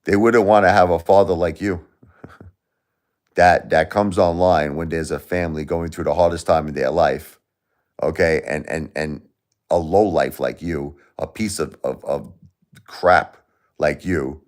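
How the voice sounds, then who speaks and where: A man's voice: rumbling low, fairly even intonation, measured pace, long pauses. A man hosting a live stream, lecturing and scolding his chat commenters in a confrontational, repetitive way. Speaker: livestream host.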